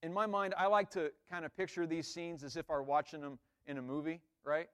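A man's voice: fairly high pitch, fairly even intonation, fairly quick, fairly bright tone, clear, resonant tone. A man preaching a sermon in a conversational way, often checking in with "right?" and acting out quoted lines. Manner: acts out the disciples' lines with rising emphasis. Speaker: pastor.

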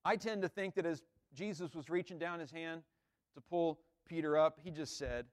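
A man's voice: fairly high pitch, moderate pace. A man, a pastor, giving a conversational sermon in an informal way, repeating words and checking in with the listeners.

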